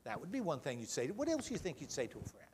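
A man leading a children's talk in church, gentle and full of questions. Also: on the high side, huge pitch swings, racing, a little hiss or hum. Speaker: pastor leading a children's message. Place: church sanctuary.

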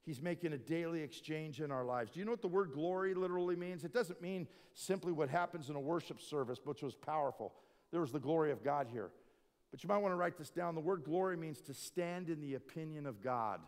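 A middle-aged man preaching as a lead pastor, telling stories with big swings from hushed to loud. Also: on the high side, brisk. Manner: animated storytelling, swinging from quiet to loud. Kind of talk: sermon. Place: conference hall. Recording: long reverb of a large hall.

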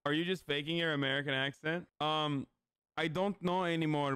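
A young man streaming, chatting in a sarcastic, deadpan way. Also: fairly high pitch, normal speed, smooth, dry recording, clean studio sound. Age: young adult. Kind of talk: casual chat with mock accents.

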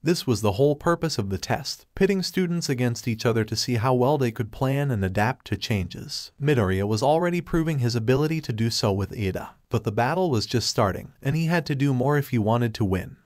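Brief: male storyteller, steady fan fiction read, mid-pitched, dry close mic. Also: no room sound. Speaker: narrator.

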